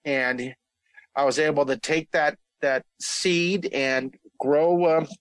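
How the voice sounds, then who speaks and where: Middle-aged man, casual interview storytelling, animated, halting restarts, quotes people in voices, dry sound. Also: on the high side, no echo, low-quality recording. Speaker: guest telling his career story.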